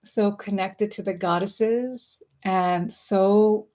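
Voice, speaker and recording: A woman spiritual coach hosting a live stream, greeting viewers effusively and then speaking softly and intimately. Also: medium pitch, steady tone, slow.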